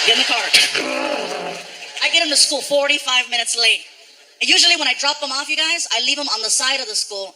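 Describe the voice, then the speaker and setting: A male stand-up comedian telling stories in an animated way, jumping between voices. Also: very high-pitched, low-quality recording.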